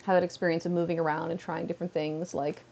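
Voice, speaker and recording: A woman's voice: lowish voice, level tone, quick pace, creaky, a little mellow, highs cut off, a little hiss or hum. A woman from Canada chatting casually on a livestream at home, rambling with lots of "like" fillers. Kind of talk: casual chat. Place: at home, seated on a beanbag.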